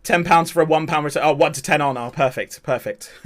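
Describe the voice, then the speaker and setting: A man hosting a live watch-along stream, chatting excitably to his viewers. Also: fairly high pitch, moderate pace. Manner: excitable, talks to chat.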